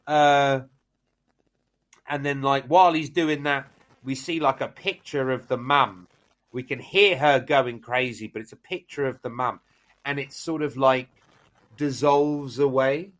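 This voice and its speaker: A man co-hosting a film podcast, retelling a plot in casual chat with lots of fillers and restarts. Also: mid-range voice. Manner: animated, many fillers and restarts. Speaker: podcast host.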